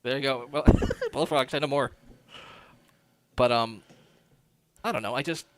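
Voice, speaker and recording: A man's voice: medium pitch, measured pace, fairly bright tone, no room sound. A man chatting on a livestream as a guest, rambling and hesitant, with plenty of fillers and swearing. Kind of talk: casual livestream chat.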